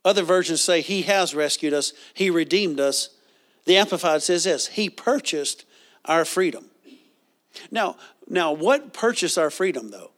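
Man, preacher, sermon, higher pitched voice, animated call-and-response. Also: measured pace.

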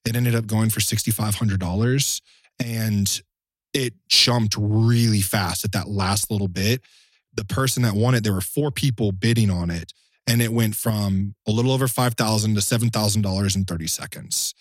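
Low-voiced man telling a story. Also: normal speed, no echo, studio quality. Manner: animated storyteller, acts out quotes, swears casually. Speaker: guest, knife maker. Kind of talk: casual podcast chat.

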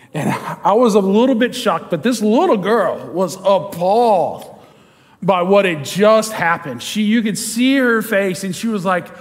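Pastor, male, higher-pitched, animated storyteller in an echoing church. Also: unhurried. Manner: storytelling, animated, chuckles while telling stories. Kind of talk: sermon. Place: church sanctuary. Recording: church hall with long reverb.

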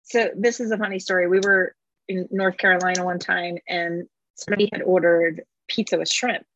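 A woman hosting a casual interview, chatty and quick to tell a story. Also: fairly low pitch, fairly even intonation, a bit bright, a little hiss or hum. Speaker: podcast host. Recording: dull muffled sound.

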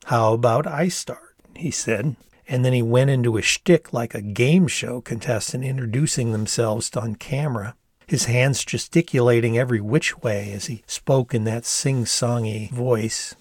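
An older man reading his own memoir aloud in a measured storytelling manner. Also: mid-range voice, dry recording, clean studio sound. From Ann Arbor, Michigan, USA. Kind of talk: audiobook narration.

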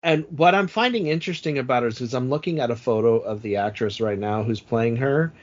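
A man's voice: mid-range voice, a little fast, lo-fi sound. A man hosting a casual comedic chat about a film, trading jokes and asides. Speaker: podcast host.

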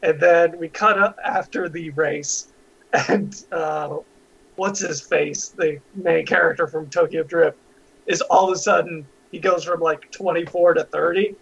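A man's voice: on the high side, fairly even intonation, measured pace, vocal fry, fairly bright tone, slightly rough. A man co-hosting a casual podcast chat, giggly and nitpicking as he talks. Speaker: podcast co-host. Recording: muffled lo-fi recording.

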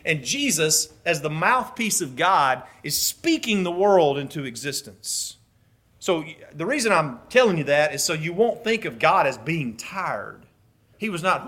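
A man delivers a sermon, his voice pitched a little high. He is animated, swinging between hushed and loud passages. Now and then he briefly acts out other voices. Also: a little slow. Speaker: preacher.

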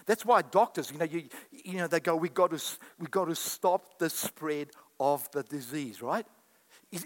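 A man preaching a sermon to a congregation, acting out quoted voices and calling back to the crowd. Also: high voice. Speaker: pastor. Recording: echoey hall with long reverb.

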